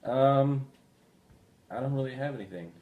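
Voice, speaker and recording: A man's voice: medium pitch, moderate pace, far from the mic, narrow, tinny audio. A man co-hosting a podcast, chatting casually with dry, laid-back quips. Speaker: podcast co-host. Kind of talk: casual chat. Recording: echoey room, off-mic.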